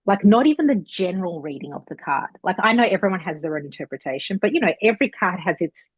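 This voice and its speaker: A psychic medium guest, a woman, chatting and telling a rambling story with animated retellings. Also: on the low side, fast, slightly rough, no echo, highs cut off. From Australia. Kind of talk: casual storytelling chat.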